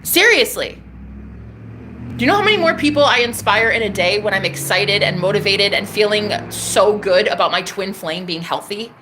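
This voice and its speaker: A woman's voice: mid-range voice, lively intonation, moderate pace, background noise. Candid, cursing woman vlogger. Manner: candid, profane, emphatic self-talk. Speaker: content creator. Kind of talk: casual vlog monologue.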